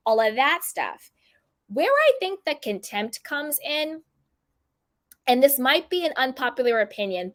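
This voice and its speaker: A woman giving casual, opinionated commentary on reality TV, now and then acting out quotes in put-on voices. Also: a little high.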